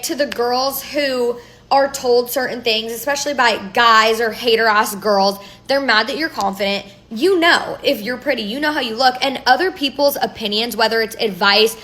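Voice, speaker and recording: A woman's voice: a little high, a bit bright. A young woman ranting casually and brashly to camera, swearing often. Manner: brash and profane, frequently swearing. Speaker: TikTok creator. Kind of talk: casual selfie rant.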